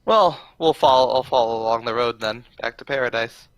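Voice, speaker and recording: A man playing a tabletop game in casual chat, relaxed and stop-start as he plans. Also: medium pitch, a little fast, no echo. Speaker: player.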